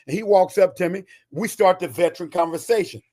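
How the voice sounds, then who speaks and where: A man's voice: sits high, a little mellow. A man in his sixties, a retired soldier and author, telling stories with emphatic energy. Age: 60s. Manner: emphatic, fast-talking storyteller. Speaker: guest, retired Army Ranger and author. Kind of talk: animated storytelling.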